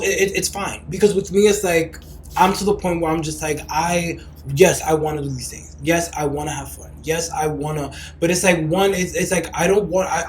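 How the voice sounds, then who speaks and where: A man's voice: on the high side, echoey room, a little hiss or hum, low-quality recording. A young man hosting a podcast in casual chat, brash and profane, breaking into mocking shrieks. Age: young adult. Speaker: podcast host. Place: lives in Los Angeles.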